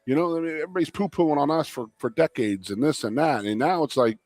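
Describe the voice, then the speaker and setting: Philly guy co-hosting a live talk show, telling stories all animated, laughs a lot, dry close mic. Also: on the high side, fast talker, dry recording. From Philadelphia area, USA. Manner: animated storyteller, laughing easily. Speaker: co-host. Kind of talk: casual sports talk show chat. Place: restaurant.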